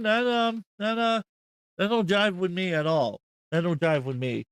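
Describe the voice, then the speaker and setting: A man's voice: high voice, measured pace, clean tone, no room sound. A man hosting a reaction commentary, rambling and incredulous, swearing often. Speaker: host.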